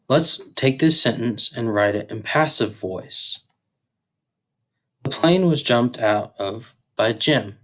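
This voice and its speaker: A man's voice: mid-range voice, a bit bright. A man teaching a grammar tutorial, explaining step by step with a few fillers. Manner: slow, deliberate explaining with occasional fillers.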